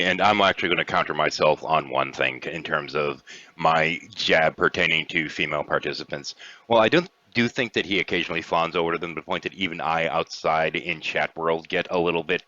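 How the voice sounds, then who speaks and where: A man's voice: deep voice, brisk, sharp tone, no room sound. A man hosting a casual podcast, blunt and profane in his talk. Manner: blunt, profane, occasionally clears throat. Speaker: podcast host. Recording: dry, dull lo-fi sound.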